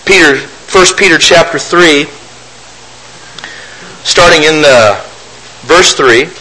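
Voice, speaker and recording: A man's voice: on the high side, slow pace, pushed and bright, low-quality recording. A man preaching a sermon, reading scripture aloud and then explaining it with rhetorical questions. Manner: mocks opponents' arguments in a raised voice.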